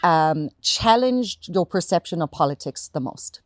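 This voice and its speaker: A woman hosting an interview, chatting casually and often chiming in with quick agreement. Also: on the low side, lively intonation, a little hiss or hum. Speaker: host.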